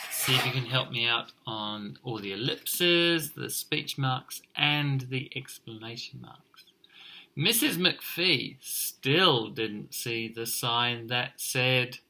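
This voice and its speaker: A male teacher reads a picture book aloud to children, expressive and encouraging as he points things out. His voice is medium-pitched and creaky.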